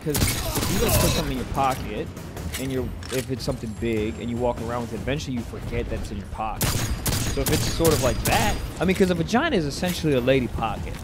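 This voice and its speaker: A man's voice: mid-range voice, big pitch swings, quick pace, very noisy. A man co-hosting a podcast in casual chat, swearing freely as he tells stories. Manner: profane, loose storytelling. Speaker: podcast co-host.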